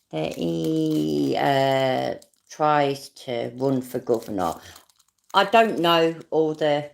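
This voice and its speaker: A British woman talks through a clip in loose, rambling commentary, sarcastic and quick to swear. Her voice sits low and gravelly, with a lively pitch that swings up and down as she goes. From not American. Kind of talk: casual commentary.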